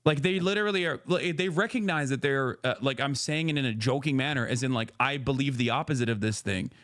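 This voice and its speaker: A male streamer rants on his live stream, swearing and restarting sentences in exasperated disbelief. His pitch sits in the middle range, and the close sound is dry. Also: fairly quick, a bit bright, dry recording. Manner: exasperated, profane, incredulous; rambling with frequent restarts. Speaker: streamer host. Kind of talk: reaction stream rant.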